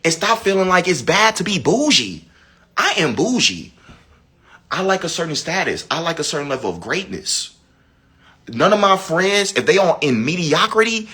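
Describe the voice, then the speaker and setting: A man giving a casual spiritual talk, dramatic and animated, sometimes dropping to a low hush. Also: husky. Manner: animated, dramatic swings from loud high to low hushed. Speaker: spiritual teacher.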